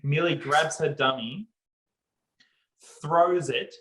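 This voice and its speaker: A man, co-hosting a podcast and telling a story in an animated way, laughing often and acting out what people said. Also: a little high, slow, echoey room, poor audio. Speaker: podcast co-host. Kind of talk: casual storytelling chat.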